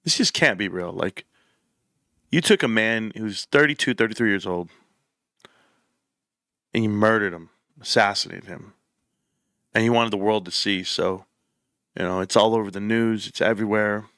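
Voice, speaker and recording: A man's voice: on the low side, normal speed, pauses often, a bit bright, dry recording, clean studio sound. A man hosting his own political commentary show, speaking with impassioned, emphatic feeling and repeating phrases as he builds up. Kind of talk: opinionated commentary. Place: room set up for the show.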